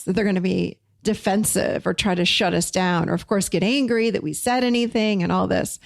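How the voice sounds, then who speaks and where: A woman's voice: medium pitch, creaky, no room sound, clean studio sound. A woman hosting a casual talk to listeners, speaking emphatically and repeating key phrases for weight. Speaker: podcast host and teacher.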